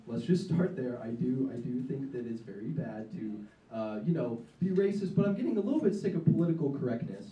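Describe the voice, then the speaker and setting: A man's voice: mid-range voice, animated, fairly quick, few pauses, distant mic, highs cut off. A young man doing a live stand-up set in a diner, rambling and self-mocking with many ums. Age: young adult. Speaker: stand-up comedian. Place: diner in front of an audience. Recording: echoey room, mic from afar, faint noise.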